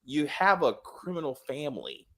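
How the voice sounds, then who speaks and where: A man hosting a casual show-review chat, animated and profane, often acting out the characters' lines. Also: on the high side, normal speed. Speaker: show review podcast host.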